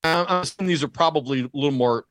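A man's voice: on the high side, rapid-fire, fairly bright tone, no echo, studio quality. A man co-hosting a casual news chat, wry and joking, often restarting his words. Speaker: podcast co-host.

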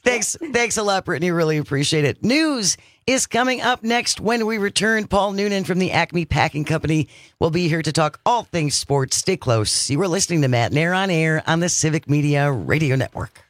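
A man hosting a radio talk show on a close studio mic, his voice sitting a little high for a man. He chats casually and slips in dry jokes. The sound is dead dry, with no room at all. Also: lively intonation, normal speed, dry recording. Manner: chatty, dry joking.

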